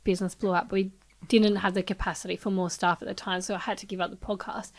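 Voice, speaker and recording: Woman, podcast host, chatty, enthusiastic, mid-pitched voice. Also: flat delivery, fast. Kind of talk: casual podcast conversation.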